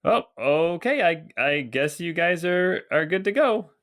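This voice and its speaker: A man's voice: a little high, expressive, unhurried, a bit bright, voice pushed up. A man voicing a friendly, slightly nervous male gate constable who stammers and hurries his words in a tabletop game. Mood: hesitant.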